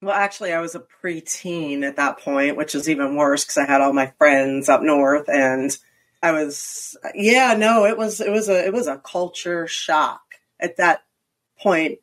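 A middle-aged woman from Philadelphia, chatting as an interview guest with quick, self-mocking asides. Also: sits low. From Philadelphia area, US. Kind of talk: casual interview chat.

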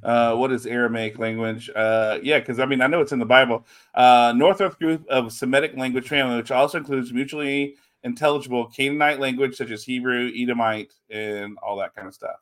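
A man's voice: medium pitch, steady tone, brisk, hardly any pauses, a bit bright. A man co-hosting a show in casual chat, easygoing as he greets viewers in the chat. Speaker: podcast co-host.

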